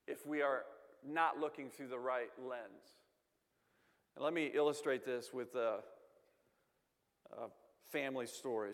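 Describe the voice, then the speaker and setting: A man's voice: medium pitch, a bit bright, in a large hall. A man telling a family story to an audience, with self-deprecating humor and frequent repeated words.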